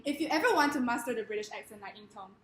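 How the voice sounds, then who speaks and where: A woman giving a comedic presentation in a wry, deadpan manner. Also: on the high side, racing, roomy sound, a little hiss or hum.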